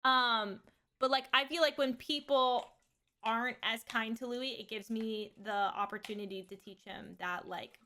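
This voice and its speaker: Woman in her thirties, streamer; bright, fairly high voice, frank rambling chat with casual swearing. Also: fairly even intonation, a little slow. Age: 30s. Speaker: streamer and mother.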